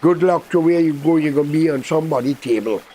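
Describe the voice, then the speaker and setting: A man's voice: fairly high pitch, fast, mellow, slight background noise, voice pushed down, lightly acted. A man with a Guyanese accent voicing a weary, loyal male donkey who warns his friend. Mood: sorrowful.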